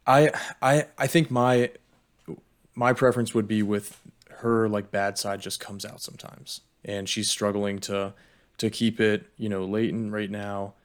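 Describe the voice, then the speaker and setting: A man's voice: fairly low pitch, fairly even intonation, measured pace. A man co-hosting a casual podcast chat, thinking aloud with hesitant fillers. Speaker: podcast co-host.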